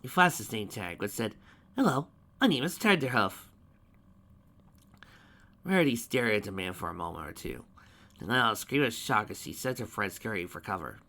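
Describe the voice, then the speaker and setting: A man reading a fan-written story aloud, halting at times and restarting words. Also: fairly low pitch, sing-song, vocal fry, bright, forceful tone. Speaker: reader. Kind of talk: amateur fan fiction reading.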